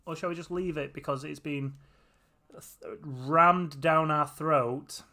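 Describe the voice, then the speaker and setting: A man's voice: a little high, steady tone, slow, sharp tone. Tired man chatting on a live stream. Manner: tired, chatty, often laughing. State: tired, runny nose. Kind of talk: casual live-stream chat.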